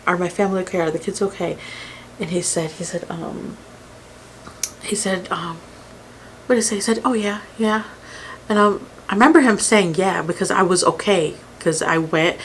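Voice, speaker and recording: A woman telling a painful personal story on camera, halting and emotional, with many pauses and fillers, sometimes dropping to a whisper. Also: lowish voice, slight background noise, poor audio. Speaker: mukbang creator. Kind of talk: storytime while eating.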